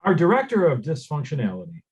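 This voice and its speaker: A man's voice: on the high side, wildly swooping pitch, fast, darkish tone, slightly rough, highs cut off. A man co-hosting a casual group chat on a video call, tossing out dry, mock-formal quips. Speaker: podcast co-host.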